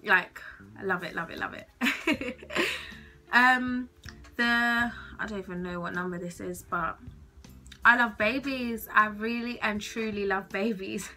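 A woman's voice: medium pitch, a little slow, sharp tone. A young woman chatting to camera from her bedroom, gushing and giggly with casual slang, a little nervous. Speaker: vlogger.

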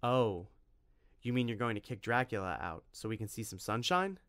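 Guy putting on a sweet little girl, coaxy, way high up. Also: sing-song, normal speed, a bit bright, smooth, no echo, studio quality. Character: sweet young girl, secretly a vampire.

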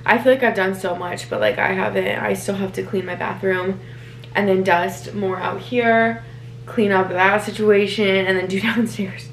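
A young woman talks straight to her phone camera in a loose, rambling vlog style, laughing as she goes. Her voice sits at a middle pitch, and noticeable background noise runs under the recording. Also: steady tone, normal speed. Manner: chatty, rambling, laughs often. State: out of breath. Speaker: lifestyle vlogger. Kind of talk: casual vlog chat to camera.

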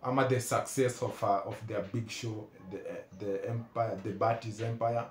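A man's voice: lowish voice, steady tone, moderate pace, roomy sound, slight background noise. A man with a Kenyan accent giving emotional reaction commentary, earnestly repeating his pleas. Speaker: reaction video host.

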